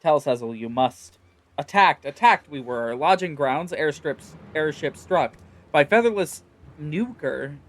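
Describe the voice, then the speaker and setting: A man voicing an agitated, proud bird-folk warrior in a game, loud and squawky, speaking in inverted word order. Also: a little high, animated, measured pace, exaggerated voice.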